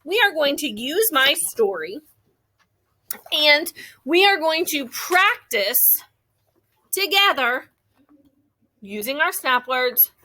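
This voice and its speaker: Bright, high-voiced woman teaching young children. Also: very animated. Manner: slow, exaggerated stretching of sounds for young children. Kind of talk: classroom phonics lesson.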